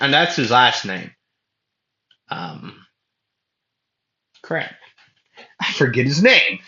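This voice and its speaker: A man's voice: on the low side, pushed and bright. A man improvising a fan fiction story aloud, rambling with many fillers and self-corrections. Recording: echoey room, dull lo-fi sound.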